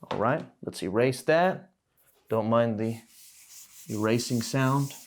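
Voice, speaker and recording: A man's voice: medium pitch, slight background noise. Patient man teaching at a whiteboard. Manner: patient, explains slowly and repeats words. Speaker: Arabic teacher. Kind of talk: classroom lesson at a whiteboard.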